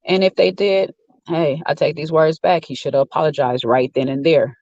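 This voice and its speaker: A man's voice: a little high, steady tone, moderate pace, a little mellow, no echo, highs cut off. A man giving a rambling, opinionated casual rant while sitting in a car. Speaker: vlogger. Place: inside a car.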